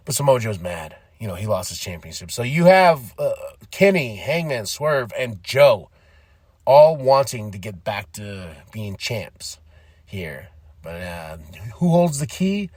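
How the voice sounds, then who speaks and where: A man's voice: medium pitch, sing-song, measured pace, a little mellow, no echo, clean studio sound. A man hosting a podcast, giving rambling, enthusiastic fan commentary and often laughing. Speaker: podcast host. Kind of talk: casual commentary.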